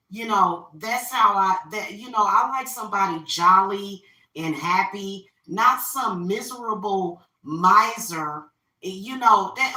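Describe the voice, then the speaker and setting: Opinionated woman, bright voice, repetitive venting, recorded off-mic in an echoey room. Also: mid-range voice, far from the mic. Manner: opinionated, venting, repeats herself. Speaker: spiritual reader and vlogger. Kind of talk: casual rant while carving a pumpkin. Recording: roomy echo, voice off-mic.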